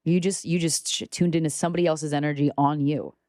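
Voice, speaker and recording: A young woman talking as a podcast guest, animated and outspoken, with casual swearing. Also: sits low, fast, no room sound, studio quality. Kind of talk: casual conversation.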